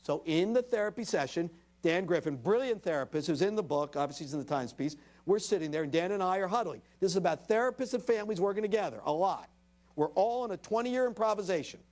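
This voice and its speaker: A man's voice: sits high, lively intonation, quick pace, darkish tone. A man giving a public lecture. He tells stories animatedly, acts out dialogue and speaks directly to the audience. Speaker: invited speaker.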